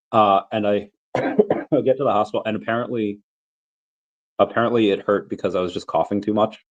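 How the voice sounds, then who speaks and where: A man's voice: fairly low pitch, steady tone, normal speed, pauses often, lo-fi sound. A man in his thirties with the flu, coughing now and then, hosting a casual livestream Q&A and rambling through his thoughts with many restarts. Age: 30s. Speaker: crypto livestream host.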